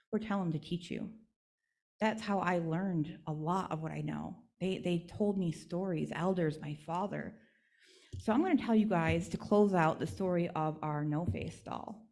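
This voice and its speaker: Woman telling a teaching story. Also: fairly low pitch. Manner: warm, instructive storytelling. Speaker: guest speaker and storyteller. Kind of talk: storytelling talk at a church service. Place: church.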